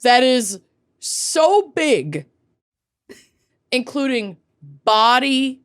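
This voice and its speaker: Woman, podcast co-host, casual chat, giggly, swears freely, animated pitch. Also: drawn-out words, smooth.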